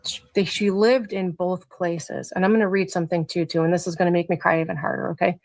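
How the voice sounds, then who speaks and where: A woman's voice: on the low side, little pitch movement, quick pace, vocal fry, a little mellow, no echo. A middle-aged woman, a mother being interviewed on a casual livestream over a video call, rambling with many filler words. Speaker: mother of a teenager, interview guest.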